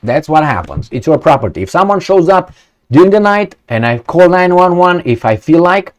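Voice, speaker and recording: Blunt, sarcastic man with a lively pitch. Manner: blunt and sarcastic, swears, asks rhetorical questions; halting, many fillers and restarts. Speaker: vlogger commenting on news. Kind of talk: reading out a news story and commenting.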